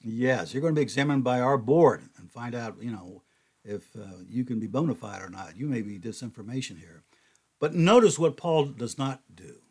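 Husky older man teaching scripture. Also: medium pitch, moderate pace. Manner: folksy, animated when quoting. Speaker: Bible teacher. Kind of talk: conversational Bible teaching.

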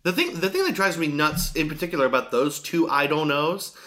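A man's voice: a little high, a little fast, fairly bright tone. A man co-hosting a casual podcast chat, explaining things in detail and getting mildly exasperated. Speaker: podcast co-host.

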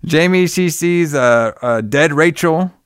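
Casual, profane man with a smooth voice. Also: on the high side, lively intonation, slow, dry recording, clean studio sound. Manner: loose, profane retelling with many fillers. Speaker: podcast co-host recapping a film. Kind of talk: casual chat.

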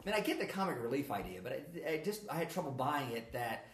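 Quick joking podcast co-host, lively voice, roomy echo. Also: medium pitch. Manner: quick, joking, playful asides. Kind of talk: casual film discussion.

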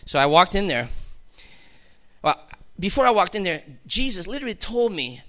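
A man's voice: high voice, sing-song, moderate pace, fairly bright tone. A man telling his personal testimony to a congregation in an emphatic, storytelling way that builds to fervent outbursts. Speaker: testimony speaker.

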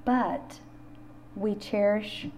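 A woman's voice: medium pitch, extremely slow, a little mellow, slight background noise. A middle-aged woman hosting a faith-based podcast on grief, telling personal stories in an earnest way. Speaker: podcast host.

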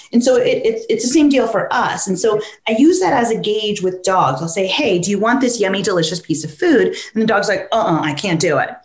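A woman and dog trainer talking casually, lively, who keeps acting out what a dog or its owner would say. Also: mid-range voice. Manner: animated, acts out dog and owner voices. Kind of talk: conversational podcast talk.

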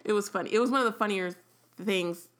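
Woman co-host, casual chat, opinionated, playful, medium pitch. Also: quick pace, fairly bright tone. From St. Louis, Missouri.

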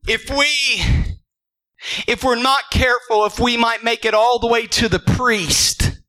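A pastor preaching a sermon to his church. He speaks emphatically, rising to shouts and then dropping low, and often repeats words as he starts a thought. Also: fairly even intonation, a little slow, rough recording. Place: church service with congregation.

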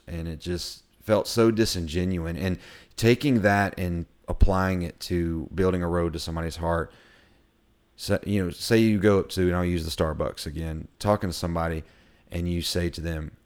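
A man's voice: sits low, steady tone, moderate pace, a little mellow. A middle-aged man co-hosting a casual faith discussion, rambling with many fillers and restarts. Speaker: podcast co-host.

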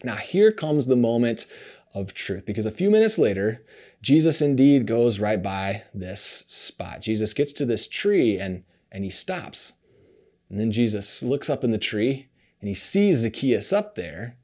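A man preaching a sermon, retelling a story in a relaxed conversational way, often repeating and restarting his words. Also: medium pitch, measured pace. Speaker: pastor.

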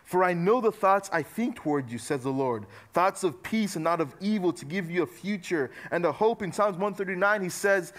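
Young adult man, youth pastor, sermon, casual and chatty, animated, slightly high voice. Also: normal speed, few pauses. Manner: casual, conversational preaching with frequent fillers; animated, swinging between loud emphasis and soft low asides.

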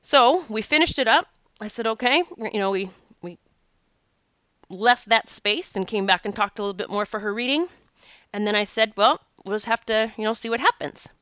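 Woman telling a spiritual story, earnest and teary, sniffly, bright crisp voice. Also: fairly high pitch, animated, moderate pace, no room sound, studio quality. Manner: earnest, emotional, tearing up at times. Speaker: spiritual teacher and intuitive reader. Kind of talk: casual storytelling monologue.

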